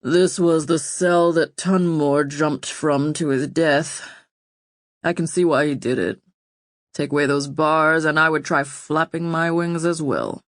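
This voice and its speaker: A woman's voice: sits low, fairly even intonation, a little slow, no echo, clean studio sound. A woman voicing a lazy, bitter male prisoner who drawls and grumbles with contempt. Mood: brooding.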